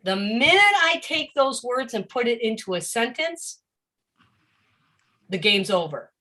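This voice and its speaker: Bright, animated woman lecturing. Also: fairly high pitch, measured pace. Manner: animated, acts out a confused child's voice. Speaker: educator of deaf students. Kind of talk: live-streamed presentation.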